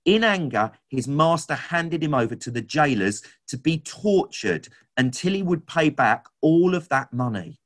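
Animated man preaching a sermon. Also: fairly high pitch. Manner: animated storytelling, acts out scripture.

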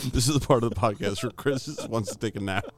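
A man hosting a casual podcast, joking and bantering with his guests. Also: fairly low pitch. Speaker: podcast host.

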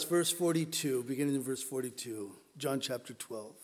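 A male pastor with a hoarse, gravelly voice, reading scripture slowly and deliberately and then praying. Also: mid-range voice. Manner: slow, deliberate reading with self-aside remarks. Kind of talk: sermon scripture reading and prayer.

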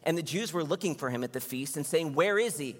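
A male pastor preaching a sermon, telling a personal story in a lively storytelling manner before reading scripture. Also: a little high, fast talker. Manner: storytelling, animated when recounting anger. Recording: long hall reverb.

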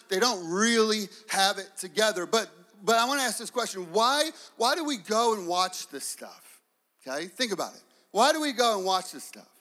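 A man in his thirties preaching a sermon, telling stories in an animated, playful way. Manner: animated storytelling, acts out kids in high voices. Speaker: pastor.

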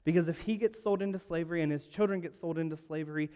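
A man with a voice that sits a little high delivers a storytelling sermon. He acts out the quoted lines, dropping to a hush and then rising to loud. His words ring out with a long reverb in a large hall. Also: quick pace, clear, resonant tone. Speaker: pastor.

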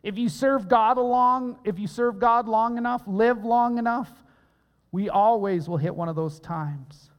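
Male pastor, unhurried emphatic sermon delivery, long hall reverb. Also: very high-pitched, dull audio. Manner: earnest, emphatic preaching with repeated phrases.

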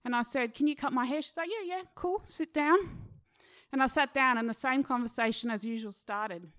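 A middle-aged woman tells a personal anecdote with a slightly higher voice. She is chatty and pokes fun at herself. She brings quoted people to life with quick voices. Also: fairly even intonation, a bit bright. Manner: chatty, self-mocking, acts out quoted voices. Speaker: storyteller. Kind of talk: personal story told to an audience.

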